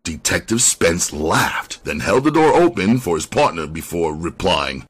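Deep husky male audiobook narrator. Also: sing-song, unhurried, hardly any pauses. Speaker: audiobook reader. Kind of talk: reading a crime novel aloud.

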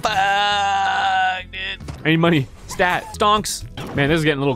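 A young man giving excited, swearing commentary over his own gameplay, often breaking into delighted shrieks. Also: high-pitched, measured pace, faint music behind. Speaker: gaming streamer.

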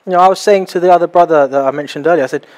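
Young male pastor, lively storytelling preacher, slightly high voice, small house church. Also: very fast. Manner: animated, acts out little scenes. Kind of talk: sermon.

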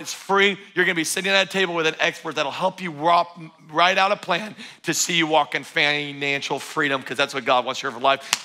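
A man preaching a sermon as pastor, energetic and emphatic, often repeating phrases for stress. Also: a little high. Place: church auditorium.

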